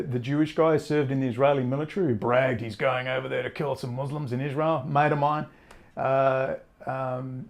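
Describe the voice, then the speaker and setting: A man's voice: mid-range voice, darkish tone. A man giving a ranting, emphatic monologue as an online commentator, often repeating phrases for emphasis. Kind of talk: direct-to-camera monologue.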